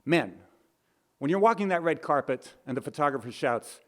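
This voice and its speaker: A man hosting an award show with comic, self-mocking, deadpan patter. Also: medium pitch, normal speed.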